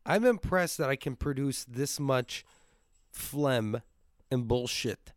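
A man's voice: mid-range voice, expressive, takes it slowly, dry recording, clean studio sound. A sick, congested young man hosting his podcast, rambling and joking with plenty of swearing. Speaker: podcast host. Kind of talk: casual comedic monologue.

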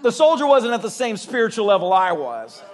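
A male pastor preaching a sermon, telling stories in an animated way and acting out the voices of the people in them. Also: sits high, fairly quick. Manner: animated storytelling with acted-out voices and laughter.

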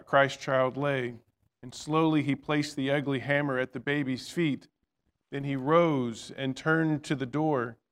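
A man narrating a storybook tale in a measured reading voice with small slips and restarts. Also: on the high side.

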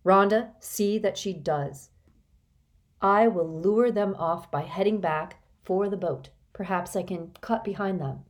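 A woman's voice: medium pitch, a little slow, natural voice. A woman reading an audiobook, voicing a loving father who speaks tenderly yet firmly.

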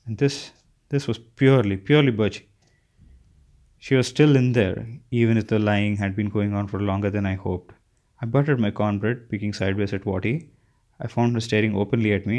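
A man reading a novel aloud as an audiobook narrator, with a steady delivery and occasional slips. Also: on the low side, a little fast. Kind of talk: scripted narration.

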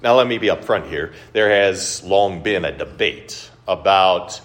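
A man preaching a sermon in a conversational way, with rhetorical questions, rising high for quoted voices and dropping low and soft for serious points. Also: unhurried. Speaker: pastor.

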